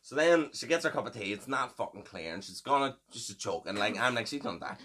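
A man's voice: medium pitch, very animated, fairly quick, sharp tone, slight background noise. A man, hosting a podcast and telling a story in a casual, swearing, laughing way. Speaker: podcast host.

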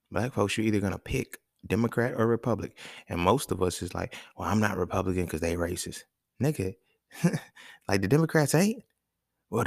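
Male podcast host, very low gravelly voice, blunt profane rant, dry close mic. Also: no echo. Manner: blunt, profane, animated rants with rhetorical questions. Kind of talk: casual solo podcast monologue.

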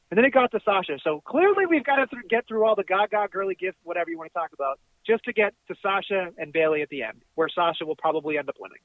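A man with a high voice rants excitably about wrestling, swearing as he goes. He is calling in from his car, and his voice comes over a tinny, dry phone line. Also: fast talker, no room sound. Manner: excitable, ranting, profane. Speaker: wrestling podcast co-host. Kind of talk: casual chat.

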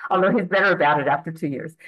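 An eighty-year-old woman tells her own story at a recovery meeting. She speaks in a fairly low voice for a woman, earnest and rambling, and keeps restarting her sentences. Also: racing, a bit bright, muffled recording. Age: 80s. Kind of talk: personal testimony at a twelve-step meeting.

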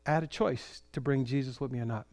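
Speaking fast at a medium pitch, a middle-aged pastor from California animatedly tells a sermon story. He performs the quoted voices of people he encountered.

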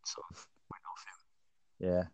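A man's voice: takes it slowly, dark tone, no room sound, whispered. A man in a casual chat, mostly answering with short agreeing replies. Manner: brief agreeing interjections, laughs along.

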